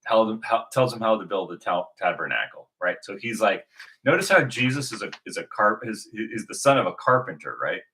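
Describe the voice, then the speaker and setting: A man's voice: fairly low pitch, expressive, fairly quick, bright, forceful tone. A man giving an unscripted, rambling religious monologue to his video audience, with many restarts and fillers. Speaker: video host.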